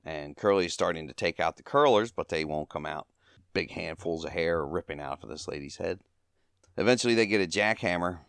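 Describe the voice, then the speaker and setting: A man's voice: deep voice, brisk, creaky, fairly bright tone, smooth, no room sound, clean studio sound. A man hosting a podcast, casually recapping and reviewing an old comedy short, chuckling often as he retells the gags. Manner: chuckling often, acting out quoted lines.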